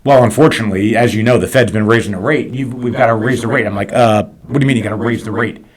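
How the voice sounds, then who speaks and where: A business owner hosting a podcast, telling a heated story in a casual, animated way, swearing often. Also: male voice, on the low side, fast, slightly rough.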